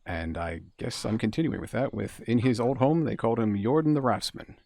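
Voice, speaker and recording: A man's voice: mid-range voice, fairly quick, creaky, hardly any pauses, a little mellow, dry recording. A man giving chatty, musing commentary as he streams a game. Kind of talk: casual gameplay commentary.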